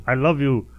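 A man's voice: medium pitch, lo-fi sound. A man voicing a mean, quasi-evil female Siamese cat with a mock Russian accent, talking in a clipped, menacing way.

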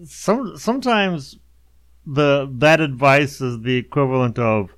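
A man's voice: mid-range voice, a little slow, a bit bright, clean tone, dry recording. A man with a mid-range voice co-hosts a talk show, speaking bluntly and wryly with frequent laughs. The sound is dry, with no room around it. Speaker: radio show co-host. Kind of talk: casual talk-show chat.

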